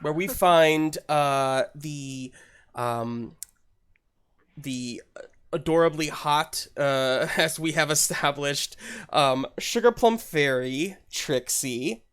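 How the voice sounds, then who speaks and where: A man narrating a tabletop game as its game master. He drawls along slowly and loosely, stacking up fillers as he describes the scene. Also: fairly high pitch, fairly bright tone, smooth.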